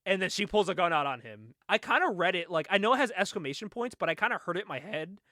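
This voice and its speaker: A young man in casual conversation, excitedly recapping a comic book, laughing often and acting out the lines. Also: high-pitched, fast, dry recording, studio quality. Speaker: podcast co-host.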